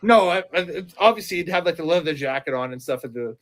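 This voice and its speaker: A man hosting a casual podcast, talking in halting bursts and laughing between words. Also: on the high side, lively intonation, fairly bright tone. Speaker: show host.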